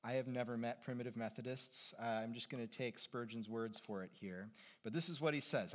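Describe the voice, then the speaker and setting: Male pastor mid-sermon, mid-pitched, relaxed asides to the congregation. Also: brisk.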